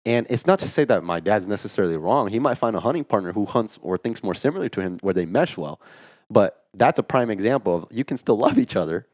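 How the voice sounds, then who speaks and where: A man co-hosting a podcast, telling a story in casual chat, animated and full of "like", acting out what people said. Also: fairly low pitch, quick pace, no room sound, studio quality. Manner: animated storyteller, acts out quotes, says "like" a lot. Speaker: podcast co-host.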